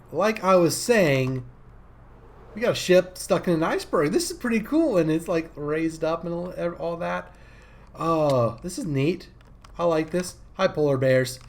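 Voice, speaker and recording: A man giving casual gameplay commentary as a let's-play host, rambling and easily excited, with many fillers. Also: fairly high pitch.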